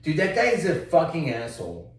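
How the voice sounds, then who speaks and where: A man from Texas telling a bar story in casual, profane podcast chat, getting loud when he quotes himself. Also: fairly high pitch, huge pitch swings, fairly quick. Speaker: podcast co-host. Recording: roomy echo, distant mic.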